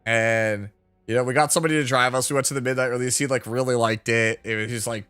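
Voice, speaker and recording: A man in his thirties streams and talks casually to his chat, his bright voice wandering from one aside to the next and full of filler words. Faint music plays underneath, and he laughs often. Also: medium pitch, fairly even intonation, quick pace, clear, resonant tone.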